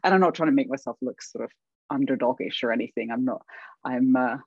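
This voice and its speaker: A middle-aged woman from England with a British accent, talking casually as an interview guest, lively and self-deprecating, laughing often. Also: very deep voice, fast talker, gravelly, slightly rough, no room sound, lo-fi sound. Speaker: guest, legal academic.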